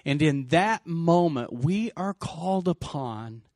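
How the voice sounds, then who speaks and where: A man's voice: on the high side, expressive, slow pace, darkish tone, no echo, clean studio sound. A middle-aged man earnestly retelling an emotional story, with many restarts. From West Texas. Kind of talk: personal storytelling.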